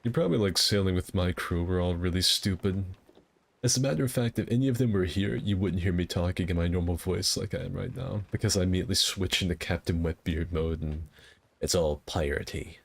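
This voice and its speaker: A man's voice: sits low, fast talker, creaky. A man chatting casually while he streams a game, rambling and self-deprecating. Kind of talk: casual gameplay commentary.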